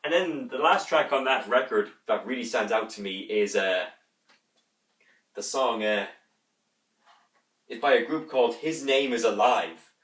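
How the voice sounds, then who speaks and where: A man talks through an unboxing in a rambling, excited way, humming and thumping out instrument parts as he goes. He sits well back from the mic in a room with a roomy echo. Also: medium pitch, far from the mic. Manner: enthusiastic, rambling, imitates instruments with his voice. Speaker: music reviewer.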